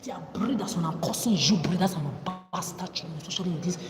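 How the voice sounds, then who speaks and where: A woman's voice: on the low side, fast talker, over music. Ranting woman, echoey and distant. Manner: confrontational, accusing, full of rhetorical questions. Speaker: livestream host. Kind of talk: ranting livestream monologue. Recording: echoey room from far off with loud background noise.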